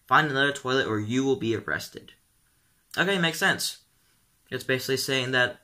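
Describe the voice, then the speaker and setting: A man's voice: mid-range voice, expressive, moderate pace, long pauses, pushed and bright. Rambling teen boy vlogger. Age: teens. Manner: rambling, full of "um" and "like". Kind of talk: casual vlog commentary.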